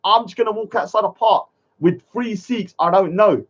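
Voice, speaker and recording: A man's voice: high-pitched, normal speed, dull audio. A young man ranting indignantly on a live stream, often checking in with "yeah?". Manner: indignant, repetitive, addresses viewers with "yeah?". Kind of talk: heated live-stream rant.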